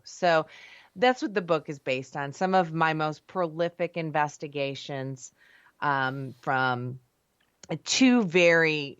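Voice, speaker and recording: A woman's voice: sits low, no echo. A woman, a paranormal investigator and author, chatting as a guest in a casual interview, laughing often and restarting her phrases. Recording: dull lo-fi remote audio.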